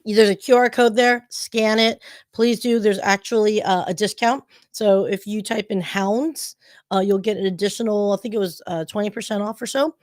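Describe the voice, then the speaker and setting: A woman's voice: mid-range voice, steady tone, moderate pace, no room sound. Woman, co-host, casual chat, joking, slangy, dry close sound.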